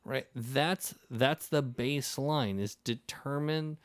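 A man's voice: medium pitch, takes it slowly, no echo. A man hosting a casual podcast conversation, talking in long rambling stretches with many restarts and acting out the people in his stories. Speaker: podcast host.

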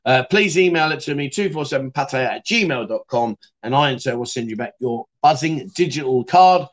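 A man's voice: mid-range voice, lively intonation, moderate pace. A middle-aged man hosting a casual livestream chat show, talking matily and reading out viewer comments. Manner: chatty, matey, reads out viewer comments. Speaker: livestream host.

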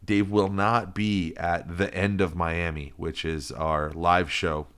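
A man's voice: deep voice, little pitch movement, slow, fairly bright tone, clean tone. A man co-hosting a podcast in loose, rambling casual chat, full of fillers and restarts. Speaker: podcast co-host.

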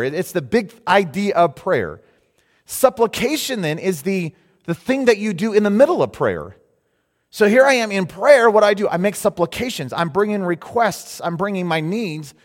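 A man preaching a sermon as pastor, lively and animated, rising into loud mock cries of alarm now and then. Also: sits high. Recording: long hall reverb.

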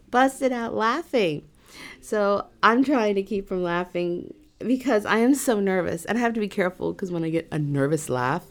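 A massage therapist in middle age tells a personal story in a casual way, her voice sitting on the low side. She's animated and pokes fun at herself, breaking into nervous laughter.

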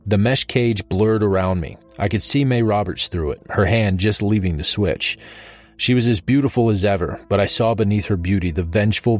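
A man reading a first-person story in a dry, wry manner. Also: fairly low pitch. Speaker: narrator.

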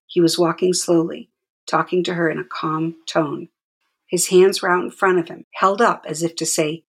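A woman narrating her own memoir in a quiet, measured way. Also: on the low side, fairly even intonation, husky. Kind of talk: reading a memoir aloud.

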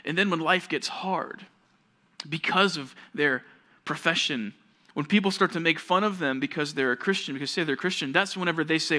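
Bright-voiced young male youth pastor. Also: on the high side, brisk. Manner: animated storytelling that acts out quoted voices. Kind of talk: sermon to junior high students.

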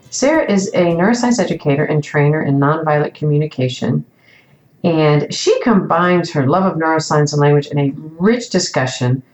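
A woman's voice: low-pitched, a little mellow, highs cut off. A woman reading a scripted introduction to a podcast episode.

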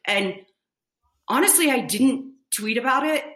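A woman's voice: a little high, animated, unhurried, a bit bright. A woman in her thirties, a nurse, telling a story in a candid, casual way, full of filler words and casual swearing. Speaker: nurse guest. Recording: echoey room.

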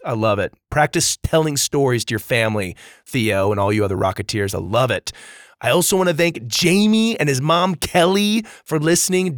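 A man's voice: mid-range voice, dry recording. Upbeat male kids' podcast host, dry sound. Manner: upbeat, friendly, calls listeners dude and bud. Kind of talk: casual chat to young listeners.

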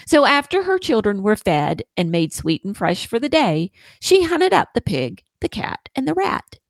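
A woman's voice: normal speed, no echo. Woman podcast host reading a kids story, super sing-songy, dry close mic. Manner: expressive, sing-song storytelling with lots of pitch movement. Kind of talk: storybook read-aloud.

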